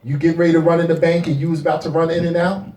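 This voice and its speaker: A middle-aged male pastor preaching a sermon, mixing folksy asides with rising shouts and call-and-response. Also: a little high, little pitch movement, rapid-fire, distant mic. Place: church sanctuary. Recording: echoey church hall.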